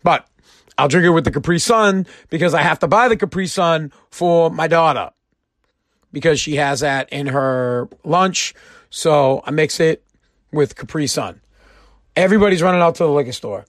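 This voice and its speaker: Man, livestream host, brash and jokey, casual swearing, slightly high voice, dead-dry close mic. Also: moderate pace, a bit bright, no echo. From Massachusetts. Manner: blunt, joking, swears freely. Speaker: host of a live-streamed show. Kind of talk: casual rant.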